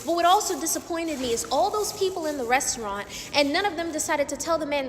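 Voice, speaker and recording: A woman's voice: high-pitched, animated, fast, hardly any pauses, long reverb tail. A young adult woman giving an indignant, emphatic vlog rant to camera, hammering her points with repetition. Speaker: vlogger.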